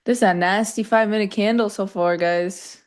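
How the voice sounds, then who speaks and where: A woman's voice: mid-range voice, fairly even intonation, normal speed. A woman co-hosting a live trading show, chatting casually with dry sarcastic asides. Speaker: co-host.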